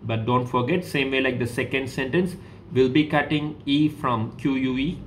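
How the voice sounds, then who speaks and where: A man's voice: medium pitch, normal speed, slight background noise. A man teaching a French lesson to a school class, patient and repetitive, saying okay between steps. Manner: patient, repeats each example, says okay often.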